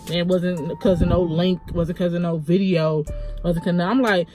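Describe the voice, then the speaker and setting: A woman's voice: lowish voice, fairly even intonation, normal speed, mellow, faint music behind. A woman vlogger retelling a personal story in a casual, rambling way, full of "like" and "you know.".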